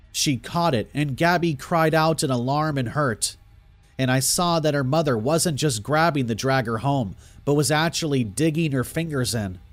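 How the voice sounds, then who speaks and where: A man reads a horror story aloud at a middle pitch, his delivery steady and even. Faint music plays under his voice. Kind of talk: scripted narration.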